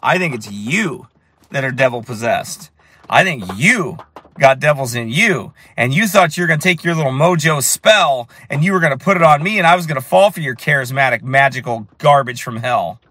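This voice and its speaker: A man preaching with fire and emphasis as he tells a story, at times rising to shouts. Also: medium pitch, animated, normal speed. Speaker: street preacher. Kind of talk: preaching while telling a story.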